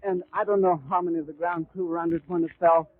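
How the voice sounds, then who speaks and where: A man's voice: on the high side, little pitch movement, fast talker, dry recording. A man giving vivid live eyewitness radio commentary, describing the scene in flowing detail with occasional stumbles. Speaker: radio announcer. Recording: tinny, dry 1930s radio recording.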